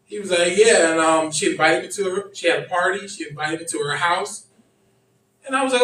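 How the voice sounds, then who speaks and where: Male stand-up comic with a high voice, acts out friends' dialogue, recorded at a distance in a roomy club. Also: fairly quick. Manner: animated, acts out friends' lines in quotes. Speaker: stand-up comedian. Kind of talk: stand-up comedy storytelling. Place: comedy club stage. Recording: echoey club sound from a distance.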